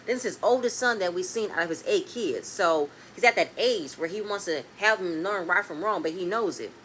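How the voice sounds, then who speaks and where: A woman recapping a reality TV episode in a casual, blunt, animated way, with speech. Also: lowish voice, fairly quick, a little hiss or hum. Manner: animated, blunt and swearing, swings between loud and quiet.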